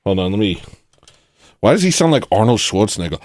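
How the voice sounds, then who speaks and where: A man hosting satirical commentary, rambling and joking with loud sudden bursts. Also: on the low side, big pitch swings, a little fast, no echo. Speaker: commentary host.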